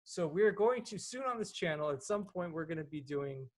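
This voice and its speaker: Teasing man with a husky, sharp voice. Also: fairly high pitch, lively intonation, normal speed. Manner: teasing, dry. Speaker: podcast co-host. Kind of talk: casual chat.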